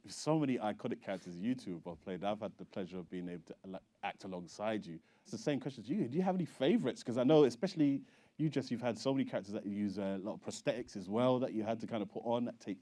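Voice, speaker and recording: A man's voice: fairly low pitch, racing, dark tone. A man hosting a panel chat, putting friendly questions to the guests. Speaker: host.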